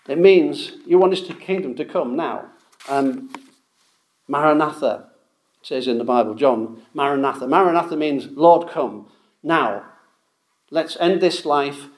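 A man preaches a sermon, his voice sitting a little higher than most men's. He presses his points home with emphasis and repeats key phrases to drive them in. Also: a little mellow.

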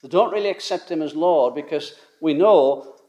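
A man's voice: a little high, normal speed, highs cut off. Emphatic man preaching a sermon. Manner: emphatic, rises and falls in loudness for stress.

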